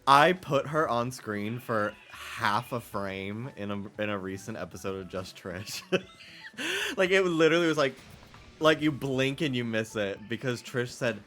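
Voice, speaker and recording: A man's voice: medium pitch, lively intonation, unhurried, a bit bright. A man streaming a game and chatting casually, rambling and profane, sarcastic, laughing often, from the United States.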